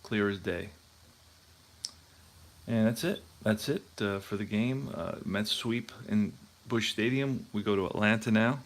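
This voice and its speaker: A man's voice: lowish voice, measured pace. A man hosting a tabletop baseball replay, chatting casually and thinking aloud as he checks scorebooks. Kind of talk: casual talk while playing.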